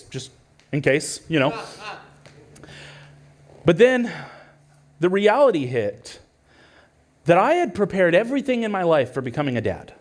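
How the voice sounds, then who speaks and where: A man in his thirties, a pastor preaching a sermon with earnest storytelling that swings between hushed and urgent. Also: high-pitched. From California.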